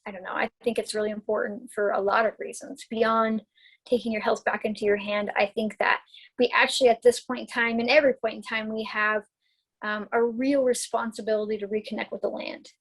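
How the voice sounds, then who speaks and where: A chatty woman guest who talks about herbs in a fairly high voice, rambling and restarting her sentences. She is recovering from a concussion and laughs often as she goes. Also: level tone, a little fast, breathy edge, poor audio. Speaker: guest herbalist. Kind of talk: casual podcast interview.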